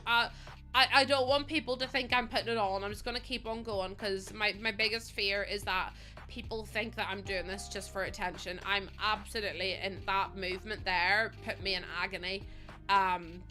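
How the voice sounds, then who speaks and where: Bright-voiced woman streamer in pain. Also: medium pitch. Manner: emotional, apologetic, breathing through pain. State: in pain, recovering from surgery. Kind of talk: casual chat to a livestream audience.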